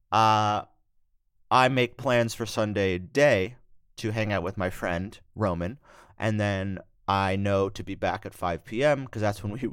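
Podcast co-host, young man, low-voiced, wry and laid-back, dry close mic. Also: a bit bright, clear, resonant tone, dry recording. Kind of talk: casual chat.

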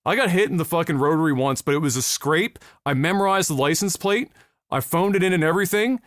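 A foul-mouthed man holds forth on a casual podcast. His voice sits high and climbs higher as he gets worked up. The close mic leaves the sound dry, with no room around it. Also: quick pace, no echo. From Nova Scotia, Canada. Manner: profane, ranting, loud when worked up. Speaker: podcast co-host.

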